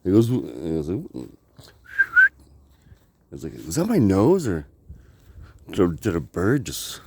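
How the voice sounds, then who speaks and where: A man's voice: low voice, huge pitch swings, takes it slowly, dark tone, breathy edge, no room sound. A man from Canada rambling and swearing in a casual vlog outdoors by the water, filming on a handheld camera, laughing often. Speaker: vlogger.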